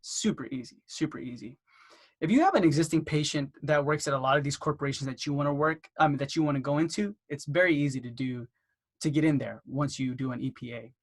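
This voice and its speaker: A man casually teaching marketing for a dental practice, with lots of fillers, who acts out phone conversations by jumping into a higher voice. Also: fast. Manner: acts out phone dialogues in a raised voice; loose, filler-heavy delivery. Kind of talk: casual instructional talk.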